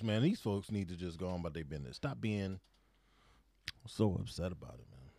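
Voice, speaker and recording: A man's voice: deep voice, expressive, brisk, gravelly, no room sound. A man hosts a casual podcast chat, laughing often as he talks. His voice swings widely up and down. The recording is dry and close. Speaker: podcast host.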